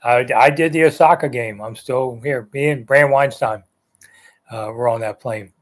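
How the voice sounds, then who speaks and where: A man's voice: mid-range voice, normal speed. Older man rambling through a live chat. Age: 60s. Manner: rambling, conversational, with frequent ums and uhs. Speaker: sports talk host. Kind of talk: live chat show, reading viewer comments.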